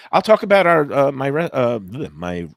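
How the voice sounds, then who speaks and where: A man's voice: medium pitch, big pitch swings, moderate pace, vocal fry, dry recording. A man from Brooklyn hosting a radio show, chatting casually and easygoingly about food and local events in a studio. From Brooklyn, New York.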